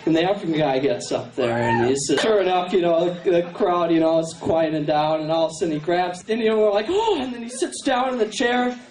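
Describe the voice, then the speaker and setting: A young adult man doing a stand-up routine in a halting, rambling way, full of fillers, on a university stage. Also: high voice, darkish tone. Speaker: stand-up comedian. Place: university contest stage, live audience. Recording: echoey hall, distant camera, crowd, noise.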